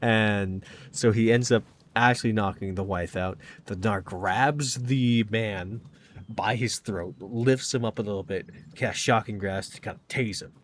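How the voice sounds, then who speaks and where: A man's voice: on the low side, unhurried, a little hiss or hum. A man casually recounting a tabletop game session, rambling and filling with "kinda" and "like". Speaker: gaming channel host.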